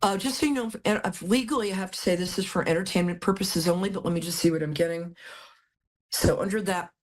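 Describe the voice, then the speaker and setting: A woman's voice: on the low side, fast. A woman hosting a live call-in tarot reading, chatty and affectionate, a little out of it after a hospital stay. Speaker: psychic reading host.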